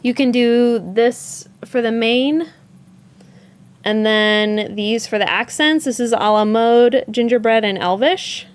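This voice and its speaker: A woman's voice: a little high, slow pace, smooth. A woman hosting a yarn shop livestream, chatting casually, thinking aloud and answering viewer comments as she goes. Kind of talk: casual live-stream chat.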